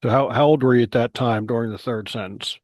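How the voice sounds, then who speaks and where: Male podcast host, halting questions, lots of fillers, dry close sound. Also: mid-range voice, fairly even intonation, a little mellow, dry recording. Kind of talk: interview questions.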